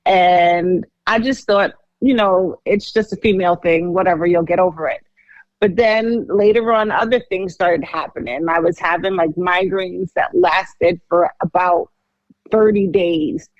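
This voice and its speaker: A woman's voice: on the low side, fairly even intonation, measured pace, dry recording, lo-fi sound. A woman co-hosting a podcast, telling her own story in a candid, chatty way. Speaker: podcast co-host.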